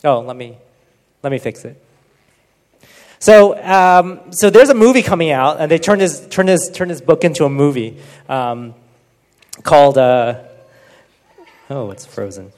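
A man giving an informal, earnest Bible teaching talk, often dropping to a hushed tone for emphasis. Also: on the high side, animated, measured pace, long pauses. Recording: long reverb.

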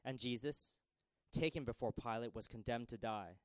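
A man's voice: mid-range voice, moderate pace, no echo, rough recording. Dramatic preaching man, dry close sound. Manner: dramatic, repetitive cadence, swinging between raised pleas and hushed lines. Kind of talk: sermon.

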